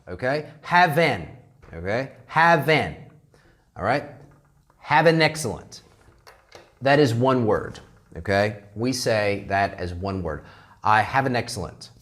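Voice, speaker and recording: A man's voice: mid-range voice, a bit bright. A man teaching an English grammar lesson, drilling phrases and checking in with "okay?" over and over. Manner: repeats phrases slowly to model pronunciation.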